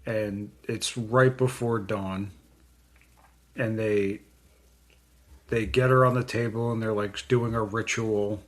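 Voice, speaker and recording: A man co-hosting a podcast, casually recapping a horror comedy film in a blunt, laid-back way with plenty of swearing. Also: on the low side. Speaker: podcast co-host.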